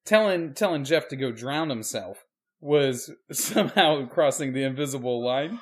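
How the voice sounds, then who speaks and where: A man co-hosting a podcast, reacting with quick wry comments and laughter in a casual chat. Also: mid-range voice, lively intonation. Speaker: podcast co-host, preacher.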